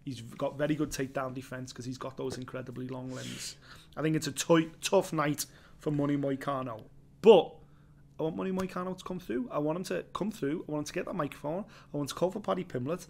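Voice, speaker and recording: A man with a Scouse accent co-hosting a fight preview, chatting in an animated way and swearing freely. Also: a little high, fairly quick, gravelly. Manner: animated, swears freely, calls people baby. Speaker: MMA show co-host. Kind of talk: casual fight preview chat.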